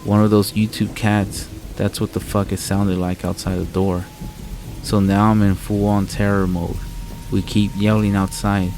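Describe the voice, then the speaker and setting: A man narrating a scary story in a calm, measured, deadpan way. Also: fairly low pitch, noisy background. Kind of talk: scripted narration. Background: rain and faint music.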